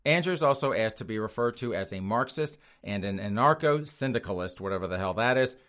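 A man's voice: lowish voice, expressive, brisk, a bit bright. A man hosting a podcast from a studio, giving mocking commentary in a sneering tone and laughing at his own jabs. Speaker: podcast host. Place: studio outside Boston.

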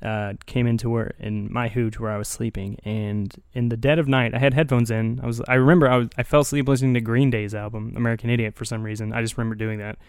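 A man's voice: mid-range voice, flat delivery, quick pace, few pauses, clear, resonant tone, no echo, clean studio sound. A young man hosting a casual chat, telling a story in a laid-back way, laughing often and swearing casually. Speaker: podcast host.

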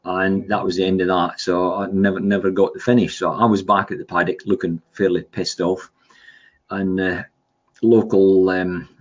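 A man's voice: sits low, flat delivery, moderate pace. A man in his sixties, a guest telling stories in a rambling, casual way with lots of fillers. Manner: rambling, with many fillers and restarts. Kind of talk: casual storytelling. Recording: dull lo-fi sound.

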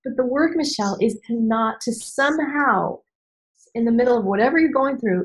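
Animated woman coach, fairly high voice. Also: moderate pace, low-quality recording. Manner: animated, acts out voices and inner dialogue; emphatic, repeats key phrases. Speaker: business coach. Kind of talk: candid podcast conversation.

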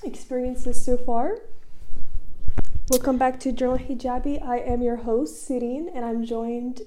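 Mellow-voiced young woman podcast host. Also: on the high side, flat delivery, unhurried, poor audio. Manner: chatty, giggly, rambling. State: sore throat and stuffy nose. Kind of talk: casual chat. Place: chilly outdoor seating on a street.

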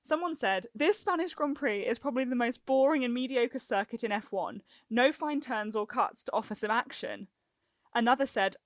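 A woman's voice: a little high, normal speed, no echo. Chatty woman podcast co-host. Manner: chatty, reads notes with fillers. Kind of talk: podcast discussion.

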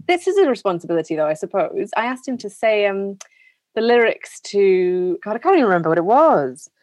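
A woman's voice: mid-range voice, big pitch swings, brisk, no room sound. A woman reminiscing on a podcast, laughing often as she talks. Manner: warm reminiscing with frequent laughter. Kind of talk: casual podcast chat.

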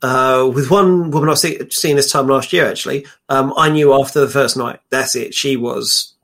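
A man's voice: medium pitch, fairly even intonation, moderate pace, creaky, fairly bright tone. A man who is a guest on a podcast, bantering with wry, teasing remarks over a video call. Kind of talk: casual banter.

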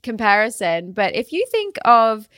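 A woman's voice: on the high side, a little slow, no echo. Chatty Australian woman, dry close sound. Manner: animated, chatty, lots of "like" and "um". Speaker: guest, travel blogger. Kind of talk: casual interview chat.

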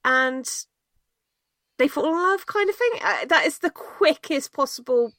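A woman co-hosting a podcast, recapping a film in a loose, chatty way. Her voice sits a little high. She fills pauses with ums and laughs easily, all recorded dry and close. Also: lively intonation, fairly bright tone, no echo. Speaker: podcast co-host. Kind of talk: casual film discussion.

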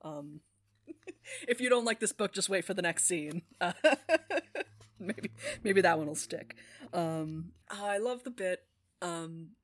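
A woman's voice: lowish voice, lively intonation, takes it slowly, pauses often, dry recording. Woman cohost chatting about a book, laughs a lot, lots of ums. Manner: giggly, trailing off with fillers. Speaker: podcast co-host. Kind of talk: casual book club chat.

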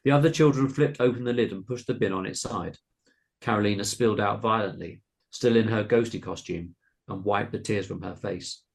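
Gravelly low-voiced man narrating a story. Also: fairly quick. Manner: dramatic, polished narration with voiced characters. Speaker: podcast co-host and story reader. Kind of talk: reading a comedy horror short story.

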